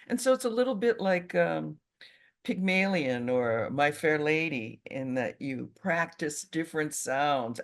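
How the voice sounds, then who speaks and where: A middle-aged woman from Brazil, a Portuguese native speaker with a slight Brazilian accent, answering interview questions as an animated, expressive storyteller. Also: a bass voice, unhurried. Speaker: medical interpreter, interview guest.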